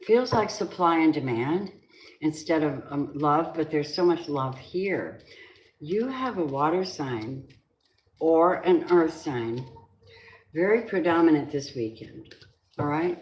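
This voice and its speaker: A woman's voice: low voice, animated, slow, a little mellow. A middle-aged woman giving a casual tarot reading, blunt and outspoken. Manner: blunt, swearing, flares up into angry venting. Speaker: tarot reader. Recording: echoey room with faint noise.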